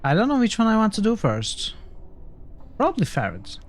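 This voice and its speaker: A man's voice: high voice, huge pitch swings, moderate pace. A man streaming a role-playing game, thinking aloud and repeating himself as he checks items and maps. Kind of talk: casual gameplay commentary.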